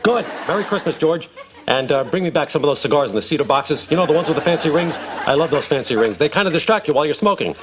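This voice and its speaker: A man voicing a blustery, rambling big male team owner in a sitcom clip, booming and easily sidetracked. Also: expressive, fast, lightly acted. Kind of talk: sitcom impression. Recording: sitcom clip with laugh track and noise.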